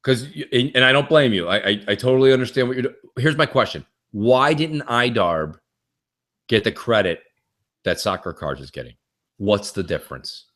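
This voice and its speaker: A man's voice: mid-range voice, normal speed. A man on a casual gaming podcast, ranting animatedly and acting out quoted conversations, with plenty of swearing. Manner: animated, profane, acts out quotes. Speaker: podcast co-host.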